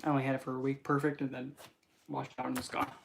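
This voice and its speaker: A young man, a spiritual reader, chatting casually on a livestream and telling rambling, animated stories with many fillers. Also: medium pitch, quick pace, gravelly, background noise.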